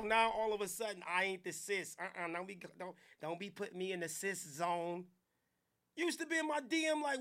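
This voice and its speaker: High, gravelly-voiced man ranting. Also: moderate pace. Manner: animated, loud bursts of hype and chanting. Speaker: podcast host. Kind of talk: comic live-stream rant.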